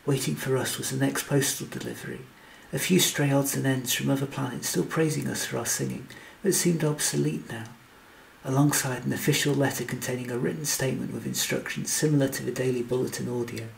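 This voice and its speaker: A man reading a story aloud in steady scripted narration. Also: medium pitch, a little fast, gravelly, a little hiss or hum, poor audio. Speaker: audiobook narrator.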